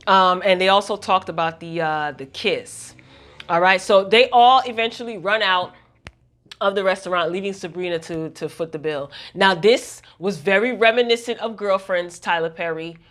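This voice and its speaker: A woman's voice: mid-range voice, moderate pace, fairly bright tone. A woman vlogger recapping a TV episode in a casual, gossipy way, talking straight to her viewers.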